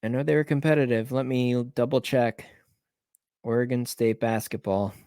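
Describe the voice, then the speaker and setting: A man at an ordinary middle pitch talks through his betting picks in a loose, rambling way. He thinks aloud, stops to check scores and corrects himself as he goes. His voice sounds close and dry, with no room around it. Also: steady tone, normal speed, a little mellow, clear, resonant tone, dry recording. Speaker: sports betting picks host. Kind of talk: casual solo picks rundown.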